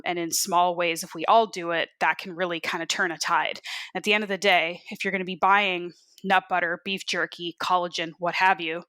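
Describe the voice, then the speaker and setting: A woman's voice: lowish voice, pushed and bright. A woman hosting a podcast, chatting casually and upbeat with plenty of fillers. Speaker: podcast host.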